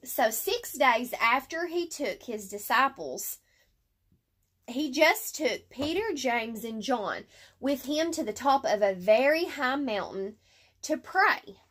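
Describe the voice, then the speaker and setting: A woman teaching a Bible story lesson, reading slowly and deliberately with fillers and self-corrections. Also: sits high, expressive, fairly bright tone.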